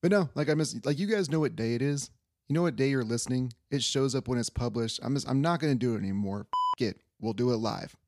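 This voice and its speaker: A man's voice: medium pitch, fast talker, darkish tone, dry recording, clean studio sound. A young man hosting a casual sports podcast, rambling loosely and swearing offhand. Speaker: podcast host.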